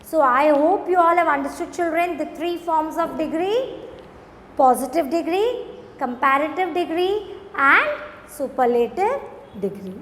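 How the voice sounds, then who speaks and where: A woman teacher talks high and unhurried, stretching each word for her young pupils. Her voice rings with a long echo in the room. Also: expressive, a bit bright, a little hiss or hum. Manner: slow, drawn-out, addresses children often. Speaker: school teacher. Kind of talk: recorded grammar lesson for children.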